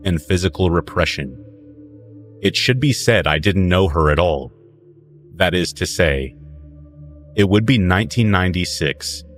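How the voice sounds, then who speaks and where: Very deep voiced guy telling a creepy story slow and low-key, faint music under it. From northern New Mexico. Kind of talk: calm scripted horror narration.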